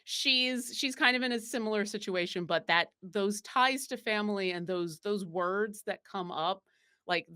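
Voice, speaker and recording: A woman's voice: on the low side, pushed and bright. A woman from Buffalo, New York, talking as a guest in a casual interview, rambling with fillers and restarts. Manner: rambling, many fillers and restarts, laughs easily. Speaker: guest player.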